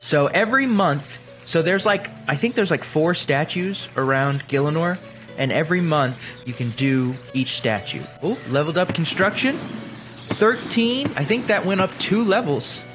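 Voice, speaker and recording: A young man talks through his game in a lively, sing-song way, his pitch sitting a bit high for a man and bouncing all over. He's chatty and playful, flipping from excited bursts to quiet muttering. Soft music plays faintly underneath. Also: normal speed. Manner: chatty, playful, jumps between excited and mumbling. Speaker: gaming video host. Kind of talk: casual gameplay commentary.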